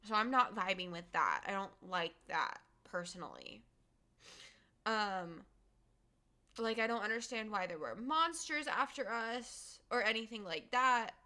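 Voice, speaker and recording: Bright, rambling young woman streamer. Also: mid-range voice, expressive, a little slow. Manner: rambling, lots of "like" and "um", giggly. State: emotional. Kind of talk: casual live-stream chat.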